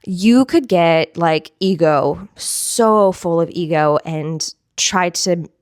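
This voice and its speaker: A woman's voice: on the low side, no echo, studio quality. A young adult woman, a fitness instructor, talking casually and upbeat to camera, giggling and repeating phrases for emphasis. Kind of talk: casual motivational talk to camera.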